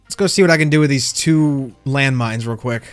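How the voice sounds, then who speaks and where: A man's voice: mid-range voice, fairly quick, no room sound, soft background music. A man doing casual gameplay commentary, teasing other players and yelping when surprised. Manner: playful trash talk to other players, sudden excited yelps. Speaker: gaming YouTuber.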